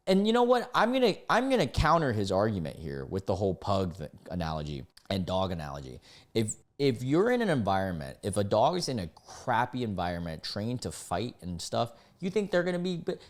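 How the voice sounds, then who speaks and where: A man doing casual reaction commentary on online posts, full of slang like "dude" and "bro", with sudden high, loud outbursts.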